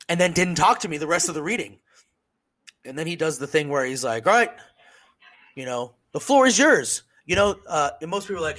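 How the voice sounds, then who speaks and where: A man co-hosting a casual podcast, telling a profane, animated story and acting out what other people said. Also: fairly high pitch, brisk. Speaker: podcast co-host, service member.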